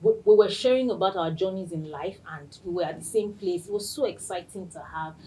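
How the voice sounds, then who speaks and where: A woman hosting a podcast, telling a personal story in an excited way and laughing often. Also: fairly low pitch, brisk, slight background noise, rough recording. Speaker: podcast host.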